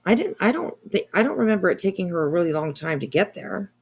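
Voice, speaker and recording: A woman's voice: on the low side, quick pace, slightly rough. Gushing woman host chatting on a livestream. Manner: gushing, excitable. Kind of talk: casual chat reading viewer comments.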